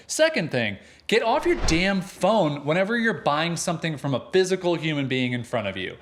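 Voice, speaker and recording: A man's voice: fairly high pitch, sing-song, normal speed, hardly any pauses, a bit bright. A young adult man co-hosting a podcast, chatting casually and ranting with emphatic humor. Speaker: podcast co-host. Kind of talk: casual chat.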